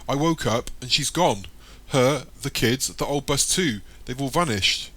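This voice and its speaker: A man's voice: mid-range voice, a little fast, fairly bright tone, close to an everyday voice. A man voicing a panicked young man, speaking with anxious, breathless urgency.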